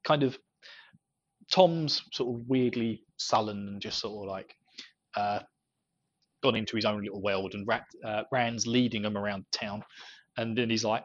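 A man's voice: fairly low pitch, measured pace, long pauses, no echo. A man hosting a podcast, chatting casually about a book and laughing often between his thoughts. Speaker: podcast host. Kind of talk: casual book discussion chat. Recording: slightly dull lo-fi audio.

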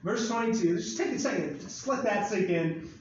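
Pastor, male, high voice, casual jokey sermon delivery, distant mic in a booming room. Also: animated, moderate pace, slight background noise. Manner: joking, conversational, acts out Bible scenes. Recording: far-off echoey hall, dull sound.

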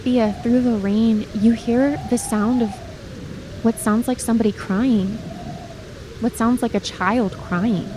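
A woman with a fairly high voice runs a tabletop game as game master. She describes each scene with frequent restarts and speaks to the player by name. Clear background noise runs under the recording. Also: steady tone, slow.

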